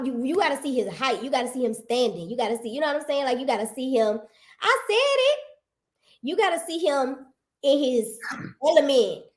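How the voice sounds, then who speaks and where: A woman in casual livestream chat, animated and teasing, repeating herself for emphasis. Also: a little high.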